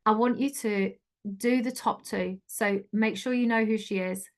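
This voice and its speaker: A woman's voice: fairly high pitch, steady tone, a little slow. A middle-aged woman giving an online coaching talk, chatty, earnest and encouraging. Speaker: life coach.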